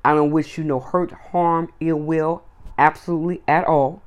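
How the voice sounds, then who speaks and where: A woman's voice: sits low, steady tone, normal speed, a little mellow. Woman doing a solo opinion podcast, blunt and emphatic, piles up repeated words. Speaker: podcast host.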